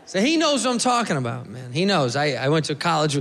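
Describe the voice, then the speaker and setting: A man doing a loud, profane stand-up set, talking straight to the audience. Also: on the high side, quick pace, gravelly, background noise. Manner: loud, profane, animated, talks to the crowd. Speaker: stand-up comedian. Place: comedy club stage. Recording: echoey club with laughing crowd.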